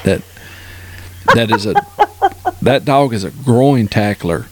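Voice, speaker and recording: A man teasing a friend in casual chat on a video call, playful and quick to laugh. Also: mid-range voice, slight background noise.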